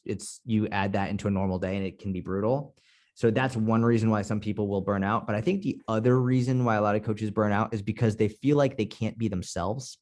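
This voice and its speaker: A man's voice: lowish voice, a little mellow. A man from Boston talking on a podcast as a guest coach, blunt and candid, swearing freely. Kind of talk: casual podcast conversation.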